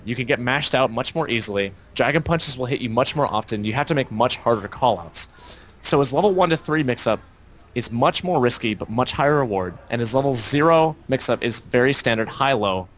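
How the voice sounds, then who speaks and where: A man's voice: medium pitch, fairly bright tone, a little hiss or hum. A man co-hosting a casual gaming podcast, explaining fighting game tactics in detail. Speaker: podcast co-host.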